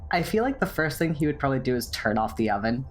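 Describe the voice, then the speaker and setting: A woman's voice: a bass voice, very animated, quick pace, faint music behind. A woman playing in a tabletop game, chatting casually about what her character would do, with frequent fillers. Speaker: player. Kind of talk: casual role-play chat.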